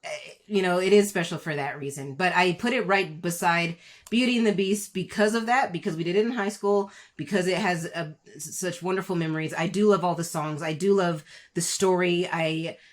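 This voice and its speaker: A woman's voice: on the low side, a little fast. Playful woman chatting over a video call. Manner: giggly, playful, with fillers. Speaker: co-host. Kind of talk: casual game chat over video call.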